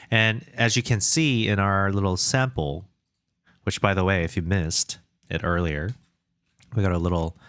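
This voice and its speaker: A man's voice: on the low side, a bit bright, no room sound, studio quality. A young man streaming game development from home at a desk mic, chatting casually, reading chat aloud and joking about himself. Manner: rambling, reads chat aloud, self-deprecating jokes. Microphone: desk microphone.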